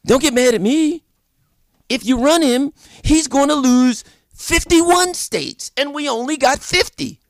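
A man hosting a political commentary show, delivering an animated opinion monologue full of repeated points and rhetorical questions. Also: very high-pitched, unhurried, gravelly, no echo, studio quality.

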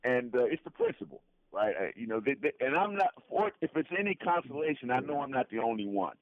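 A man's voice: mid-range voice, sing-song, fast talker, dry recording. A man calling in to an interview, talking earnestly and repeating himself often. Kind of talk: phone-in conversation. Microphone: phone. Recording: tinny prison phone line.

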